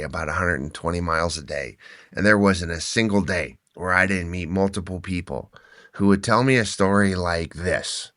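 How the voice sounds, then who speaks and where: Deep, bright-toned male podcast guest. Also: normal speed, no room sound, clean studio sound. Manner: animated, repeats and restarts words while telling stories. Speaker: guest, endurance athlete and author. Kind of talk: conversational podcast storytelling.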